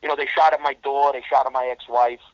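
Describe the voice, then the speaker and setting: A middle-aged man recounts old street stories in a blunt, profane, streetwise way, his voice sitting at an ordinary middle pitch. The recording is dull and lo-fi, with a dry, close sound and no room around it. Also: fairly even intonation, fast, no echo. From New York. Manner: blunt, streetwise, heavy swearing. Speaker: interview guest. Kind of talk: casual storytelling interview.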